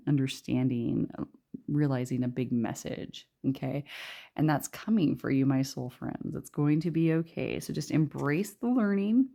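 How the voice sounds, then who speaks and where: This is a young woman doing a casual pick-a-card tarot reading, her voice sitting low and mellow. She talks in a loose, rambling way full of fillers, and reads out card messages as she goes. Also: vocal fry. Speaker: tarot reader.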